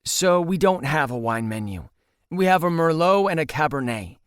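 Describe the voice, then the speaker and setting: A man's voice: on the high side, animated, normal speed, smooth, dry recording, studio quality, pitched above the performer's own voice, lightly acted. A man voicing a young woman waitress who is flustered and hesitant in an audiobook.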